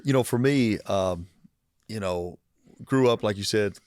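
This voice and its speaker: Man in his thirties, low voice, earnest, soft-spoken, dry close sound. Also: a little slow, dry recording. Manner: earnest, soft-spoken, many affirming murmurs. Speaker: pastor, podcast guest. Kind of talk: conversational interview.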